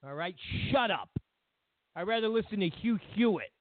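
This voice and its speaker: A man's voice: high voice, lively intonation, moderate pace, no room sound. Male talk radio host, mocking rants, dry and phone-thin sound. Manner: ranting, mocking, repetitive. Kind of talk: talk radio political commentary. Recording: tinny phone line, dry.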